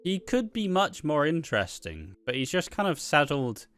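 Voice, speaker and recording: A man with a bright, forceful voice talks bluntly in a casual chat, swearing freely and slipping into quick mimicry. Faint music plays behind him. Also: a little high, very animated, clear, resonant tone. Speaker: podcast co-host.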